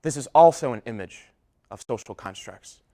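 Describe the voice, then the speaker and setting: A young man giving a public talk, telling a personal story, whose voice trails off low at the ends of his sentences. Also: expressive, normal speed, mellow. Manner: storytelling with shifting volume, drops low at line ends. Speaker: public speaker.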